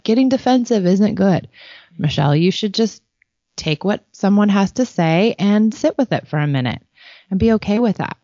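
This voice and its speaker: A middle-aged woman talks openly about her own flaws, slipping into quick quoted asides of what she tells herself. Her voice sits a little low and comes across dry and close. The sound is a bit dull and muffled. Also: darkish tone, no room sound. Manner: candid, self-reflective, quick bursts of quoted self-talk. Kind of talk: casual chat.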